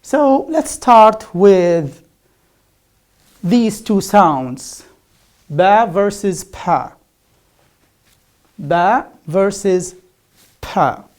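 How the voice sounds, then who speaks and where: A woman whose first language is Arabic teaches English pronunciation in an online lecture. She drills the sounds slowly and repeats each one aloud. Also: medium pitch, animated, darkish tone. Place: remote class, speaking to a camera.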